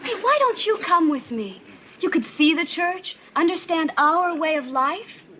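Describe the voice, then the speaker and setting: An actress playing a blissful, soft-spoken young female cult follower in a TV sitcom. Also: very high voice, lively intonation, measured pace, a little hiss or hum, exaggerated voice.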